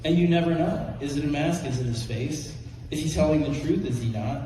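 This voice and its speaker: A man's voice: fairly high pitch, brisk. A man telling comic stories in a casual interview, acting out the characters as he goes. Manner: animated storytelling, acts out characters. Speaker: comic writer in an interview clip. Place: played clip from another video. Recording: roomy, distant, noisy clip audio.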